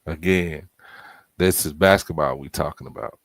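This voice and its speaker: Very deep-voiced man, dry close sound. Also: normal speed, dry recording. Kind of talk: casual chat.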